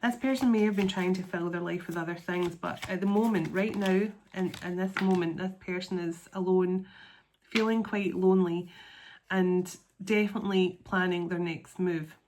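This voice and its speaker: A woman giving an intuitive tarot reading to her viewers, talking in a soft, earnest and openly emotional way, and stretching out words as she reads the cards. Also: on the low side, fairly even intonation, moderate pace, slight background noise. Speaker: tarot card reader.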